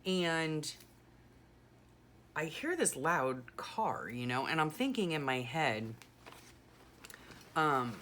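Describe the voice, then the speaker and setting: A woman's voice: low-pitched, expressive, slow pace, pauses often, a bit bright, slight background noise. A middle-aged woman chatting casually and rambling through a story, full of "you know" and "like", as a journaling vlogger.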